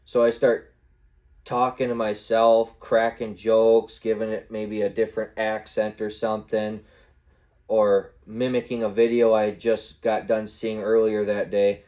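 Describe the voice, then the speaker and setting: Man, young adult, casual solo podcast chat, low mellow voice, cursing. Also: little pitch movement, measured pace. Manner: rambling, swears freely, acts out his own gaming trash talk. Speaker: podcast host.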